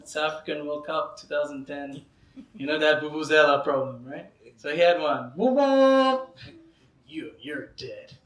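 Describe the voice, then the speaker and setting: At a devotional gathering, a lecturer with a bright, fairly high-pitched voice tells anecdotes as part of a religious talk. He's a lively storyteller who laughs often and keeps saying "you know." A distant mic picks him up in a roomy hall.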